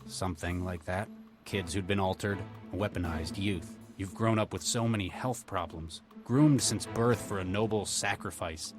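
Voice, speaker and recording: Man playing a calm low-voiced Texan negotiator. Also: close to an everyday voice. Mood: steady. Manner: measured, persuasive. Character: calm middle-aged male negotiator doctor. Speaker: negotiator doctor. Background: game music.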